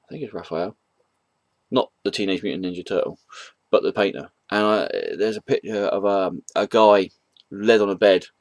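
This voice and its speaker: A man's voice: on the low side, steady tone, normal speed, dry recording. A man casually retelling a comic book's story for a review, hesitant and rambling, with many ums and chuckles at the jokes.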